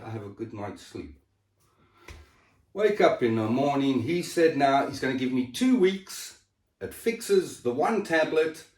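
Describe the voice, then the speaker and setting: A man's voice: medium pitch, darkish tone, recorded from a distance. A man pouring out his health struggles in an emotional, raw, sweary chat. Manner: raw, emotional and swearing, with sudden drops in level. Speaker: person sharing his health story. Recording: echoey room, voice set back from the mic.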